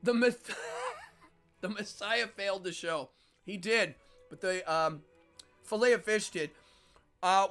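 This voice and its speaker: A man in his forties hosts a casual livestream, chatting with viewers and eating between sentences. His voice sits high, bright, and forceful.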